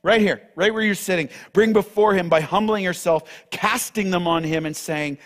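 A male pastor preaching a sermon with passion, moving from loud declarations to hushed, near-whispered appeals. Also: high-pitched, moderate pace, few pauses, long reverb tail.

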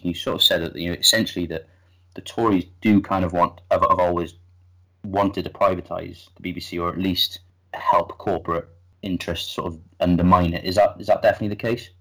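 A man's voice: deep voice, steady tone, fast talker, fairly bright tone, rough recording. A man hosting a podcast in casual chat, blunt and opinionated, putting questions to his guest. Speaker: podcast host.

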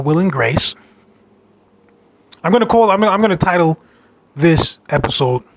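A man telling a rambling story about a date in a brash, casual monologue with loud asides. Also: mid-range voice, vocal fry. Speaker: dating storyteller.

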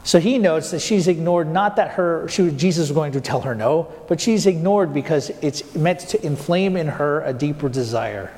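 A male pastor preaching a sermon, putting rhetorical questions to the congregation and slowing down to stress key points. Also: on the high side, darkish tone, long reverb tail. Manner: asks the congregation rhetorical questions, slows down for emphasis.

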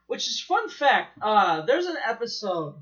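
A man co-hosting a podcast in casual chat, easygoing and quick to laugh. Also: high voice, sing-song, fairly bright tone. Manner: laughs easily, chatty. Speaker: podcast co-host. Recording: muffled podcast recording.

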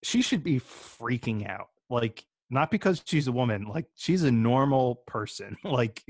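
A man's voice: medium pitch, expressive, unhurried, a little mellow, no room sound. A man co-hosting a podcast, sarcastically recapping a TV episode and laughing mid-sentence. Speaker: podcast co-host. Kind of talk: casual chat recapping a TV episode.

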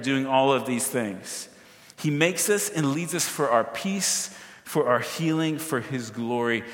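A man preaching a sermon, energetic, throwing questions and asides to the congregation. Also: a little high, in a large hall. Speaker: pastor.

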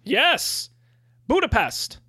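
A man's voice: very high voice, big pitch swings, very slow, pushed and bright, breathy edge, no echo. A man running a tabletop game as game master, chatty and full of "uh" fillers.

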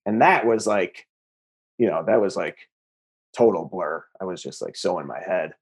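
A man in his forties, a guest comedian chatting casually, easygoing and quick to laugh. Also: sits low, slightly rough. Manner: easygoing, laughs often, says "dude".

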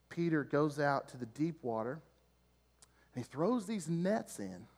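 Pastor guy preaching, high voice, earnest, lots of repeating lists, long echo in the church hall. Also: lively intonation, normal speed. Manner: earnest and explanatory, with repetitive emphatic lists. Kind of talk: sermon.

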